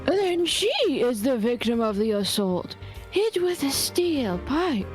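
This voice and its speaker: Melodramatic cook, mock Italian accent, hammy, done by a woman; high, lively pitch. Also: slow pace, soft background music, exaggerated voice. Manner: hammy, giggly. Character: melodramatic female ship's cook.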